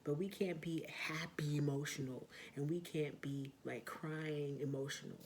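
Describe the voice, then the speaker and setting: A woman talking in a casual vlog monologue, blunt and profane, with lots of fillers and emphatic, loud outbursts. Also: low voice, fairly even intonation, measured pace, slight background noise. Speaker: vlogger.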